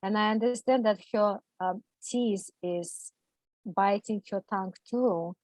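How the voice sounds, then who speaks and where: A woman's voice at a middle pitch, recorded dry and close with almost no room sound. She talks haltingly and with feeling, in imperfect non-native English. She restarts often and leans on fillers as she tells a personal story as a guest. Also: a little mellow, no echo, poor audio. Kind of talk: personal account in an interview.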